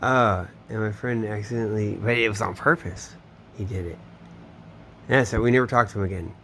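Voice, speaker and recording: A man with a lowish, bright, forceful voice speaks a bit quickly from his Florida home, slight background noise audible. His personal tale wanders at length, peppered with curses and sentences that drift off unfinished.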